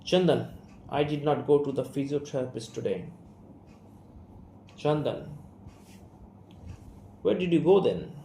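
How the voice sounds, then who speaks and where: A young man with an Indian English accent voicing a guarded, estranged son and writer, reading a play aloud in a measured, restrained way. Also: fairly high pitch, big pitch swings, vocal fry, mellow, full character voice. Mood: defensive. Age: young adult. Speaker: student reader. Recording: roomy room, faint hiss.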